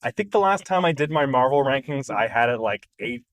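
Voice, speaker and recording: A man's voice: medium pitch, animated, fairly quick, no echo. A man co-hosting a casual movie podcast, telling long stories with lots of restarts and fillers. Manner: chatty, restarts and fillers, tells stories at length. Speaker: podcast co-host.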